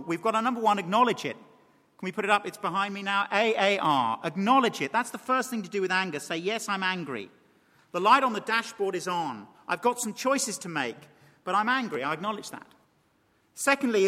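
Man preaching, bright tense voice, emphatic, long echo of a large church. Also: high-pitched. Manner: animated, emphatic, addresses the congregation directly. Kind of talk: sermon. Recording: long hall reverb.

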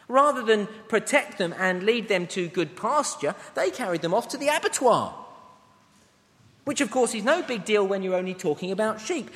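A man with a notably high voice delivers a sermon in a church. He reads scripture passages aloud and breaks off for plain asides to the congregation. His words ring out with a long reverb from the hall. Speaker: preacher.

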